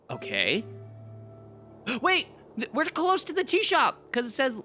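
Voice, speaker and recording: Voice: mid-range voice, huge pitch swings, unhurried, sharp tone, slight background noise. A streamer playing a role-playing game, chatting casually, laughing often and reading the game's dialogue aloud. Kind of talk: casual gameplay commentary, voicing characters.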